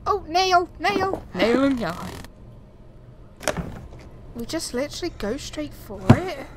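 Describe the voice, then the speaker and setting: A woman's voice: high-pitched, takes it slowly. Jumpy young woman playing a horror game. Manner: jumpy, talks to herself, frightened exclamations. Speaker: gaming YouTuber. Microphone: desk USB microphone. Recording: steady background noise.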